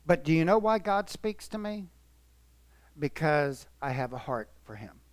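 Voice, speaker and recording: A male pastor delivers an earnest, emotional sermon in a fairly high, very animated voice, his volume swelling and dropping as he slows down to stress words. There's no echo.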